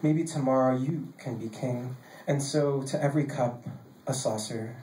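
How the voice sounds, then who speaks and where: A man's voice: mid-range voice, warm tone, slight background noise. Man reading poetry in an echoey basement. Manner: casual and joking between poems, measured when reading. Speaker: poet reading his own work. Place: basement bar venue, live. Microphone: handheld stage mic.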